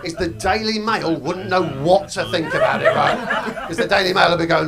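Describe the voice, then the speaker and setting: A young man performs stand-up in a comedy club, his voice sitting a little high as he talks fast and mocks himself. He breaks into loud put-on voices now and then. A live audience laughs clearly around him. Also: crowd noise. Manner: quick, self-mocking, bursts into loud put-on voices.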